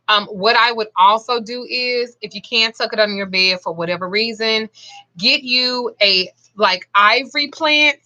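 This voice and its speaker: Chatty Southern woman, 40s, forceful bright tone, plain-spoken vlogger. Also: medium pitch, highs cut off. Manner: chatty, blunt, swears freely. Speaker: spiritual practitioner. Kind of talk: casual vlog chat.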